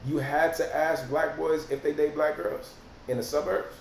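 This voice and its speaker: A man, hosting a casual livestream and reacting to viewer comments in animated, profane slang. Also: on the high side, moderate pace, gravelly. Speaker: rapper and livestream host. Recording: roomy echo, faint noise.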